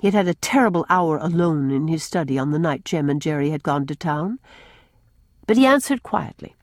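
Brief: woman audiobook narrator, lively varied pitch, dry close sound. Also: brisk, no room sound. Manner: expressive storybook reading. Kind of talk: scripted narration.

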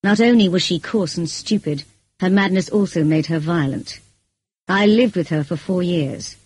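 A woman reading as a brooding passionate gentleman. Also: fairly low pitch, moderate pace, husky, no room sound, low-quality recording. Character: brooding passionate middle-aged gentleman, man. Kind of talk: audiobook character reading.

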